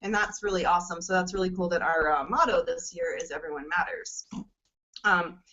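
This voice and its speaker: A woman's voice: fairly low pitch, very animated, fairly quick, pushed and bright. Woman in her forties sharing personal goals. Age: 40s. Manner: rambling, many fillers, tearful at times. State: emotional, near tears. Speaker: network marketing coach. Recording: dull lo-fi sound.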